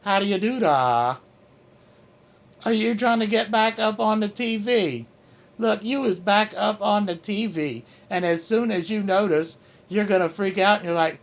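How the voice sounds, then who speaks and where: Vlog host, male, higher voice, slow profane rambling, jokey; coos at his cat. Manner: profane, rambling, joking, talks baby talk to his cat. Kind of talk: casual rambling vlog chat.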